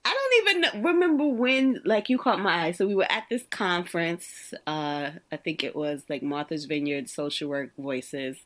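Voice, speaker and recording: Brief: podcast host, woman from Brooklyn, low-ish voice, animated chatty storyteller. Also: moderate pace, few pauses. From Brooklyn, New York. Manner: animated, laughs often, acts out quoted people. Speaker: podcast host, social worker. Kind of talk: casual conversational storytelling.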